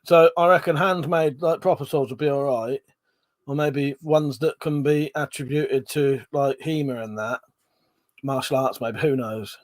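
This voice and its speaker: A man's voice: on the high side, steady tone, unhurried, dry recording. A man hosting a casual livestream, reading out viewer comments and swearing freely as he chats. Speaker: livestream host.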